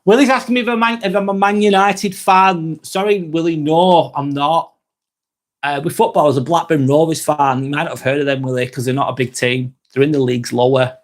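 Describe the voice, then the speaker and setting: A young man with a broad Lancashire accent talks casually on a live stream, reading viewers' comments and answering them. His voice sits a little high for a man, and his chat is loose and full of swearing. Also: fairly even intonation, fairly quick. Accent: Lancashire English. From Northwest England. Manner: chatty and swears freely. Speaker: live vlog host.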